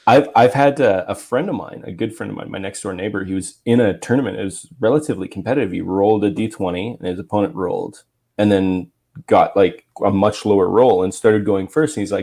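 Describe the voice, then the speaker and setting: Deep gravelly male rules judge. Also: darkish tone. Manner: measured, explains rules deliberately. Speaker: game rules judge, guest. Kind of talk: explanatory chat.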